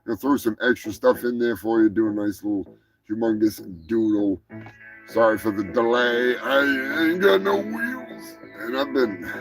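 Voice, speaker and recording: A man hosting a live stream, rambling and swearing casually while high. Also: moderate pace, soft background music, low-quality recording. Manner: rambling, profane, laid-back. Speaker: host.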